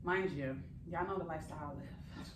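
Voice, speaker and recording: A young adult woman vlogger telling a travel story in casual chat, animated and swearing freely, recorded in a hotel room. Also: deep voice, a little fast, background noise. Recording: echoey room, camera at a distance.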